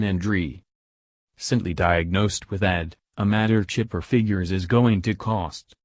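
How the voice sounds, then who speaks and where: Male audiobook narrator with a low voice and measured, wry delivery, dry recording. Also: darkish tone, no room sound.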